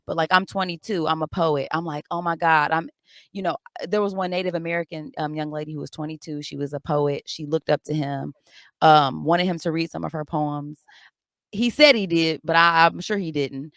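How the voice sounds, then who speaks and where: A young adult woman co-hosting a casual book club podcast, her voice sitting on the low side. She talks bluntly, swears freely and slips into quick acted-out bits of stories. The sound is dry and close. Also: no echo. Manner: blunt, profane, animated storytelling. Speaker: podcast co-host.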